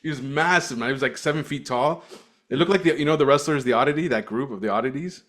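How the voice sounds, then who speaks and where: A man's voice: mid-range voice, fast talker, fairly bright tone. A man co-hosting a podcast, telling stories in casual chat with frequent laughter and restarts, from Cyprus. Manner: storytelling, laughs often, restarts. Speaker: podcast co-host.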